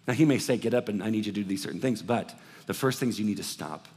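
A male pastor preaching a sermon in a church, swinging between loud emphatic bursts and hushed, soft passages. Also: on the low side, quick pace, husky, in a large hall. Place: church hall, preaching from the floor.

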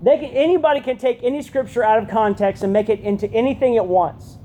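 A woman giving a conversational youth sermon, often checking in with her listeners with a quick "right?". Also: on the high side, warm tone, a little hiss or hum. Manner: chatty, keeps asking "right?". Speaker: youth pastor.

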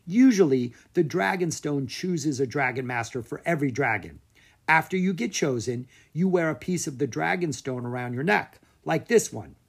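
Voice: medium pitch, lively intonation, normal speed, gravelly, slightly rough. A narrator voicing a brave young boy hero in a children's storybook, with eager, urgent calls.

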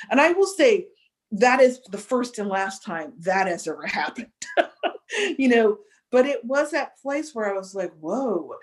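A woman speaking as a podcast guest, recounting a personal experience. She is reflective and emotional, and she stops and restarts as she searches for the right words. Her pitch sits in the middle of the range. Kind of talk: personal storytelling in conversation.

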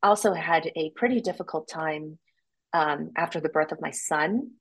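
Lower-voiced woman telling a personal story. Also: normal speed, slightly rough, poor audio. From United States. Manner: animated, acts out quoted voices with sudden jumps in pitch. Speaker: podcast guest. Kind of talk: casual interview storytelling.

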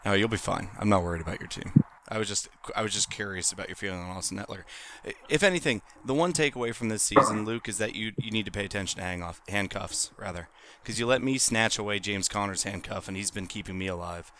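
A man's voice: fairly low pitch, quick pace, sharp tone, slight background noise. A man co-hosting a casual fantasy football podcast, teasing his friends, swearing and laughing often. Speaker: podcast co-host. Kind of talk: casual chat among friends.

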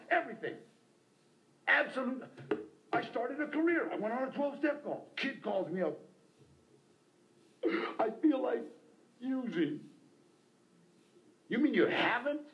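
A middle-aged man tells his own story at a recovery meeting, animated and impassioned, and throws in other people's voices as he goes. His voice sits high for a man and swings widely up and down. The sound is a roomy hall captured on cassette tape. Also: muffled recording. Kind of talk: personal storytelling talk.

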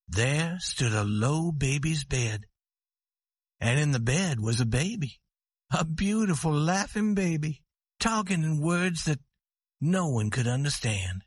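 A man reading a story aloud slowly and clearly for English learners. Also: on the high side, no echo. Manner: slow, clear, expressive. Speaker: narrator. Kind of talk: slow scripted story narration for English learners.

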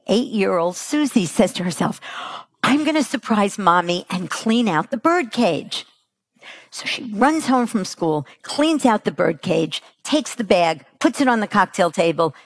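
Slow, gravelly woman coaching parents. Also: lowish voice, dry recording. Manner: slow, emphatic, asks the audience questions. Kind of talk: workshop talk.

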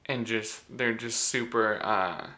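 Young dude rambling thru a dating story, bright forceful voice, lots of um and like. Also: male voice, on the low side, fairly even intonation. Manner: rambling, laughing, drawn-out filler words. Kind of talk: casual storytelling chat.

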